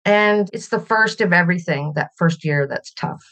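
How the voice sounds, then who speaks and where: A woman's voice: on the low side, moderate pace. A middle-aged woman from Canada, a podcast guest speaking reflectively in a conversational interview. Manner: reflective and warm, laughs while telling stories.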